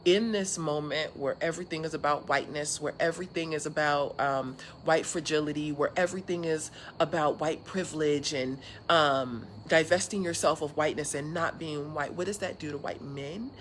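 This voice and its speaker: A woman from California speaks to an online audience from an outdoor porch in a casual, earnest live chat marked by many fillers and restarts. Her voice is low-pitched, at a normal speed with few pauses. There's slight background noise.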